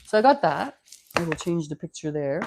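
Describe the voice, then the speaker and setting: A woman's voice: lowish voice, big pitch swings, moderate pace, gravelly, a little mellow, a little hiss or hum. A woman of fifty from Canada, vlogging in a chatty, rambling way with many restarts, close to a clip-on mic at home. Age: 50s. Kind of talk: casual chat.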